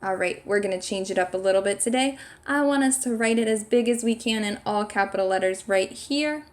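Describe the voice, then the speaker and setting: A woman's voice: medium pitch, brisk. A woman teaching a sight-word lesson to young children, encouraging them and spelling each word out letter by letter. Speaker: kindergarten teacher. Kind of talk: slow, clear classroom instruction.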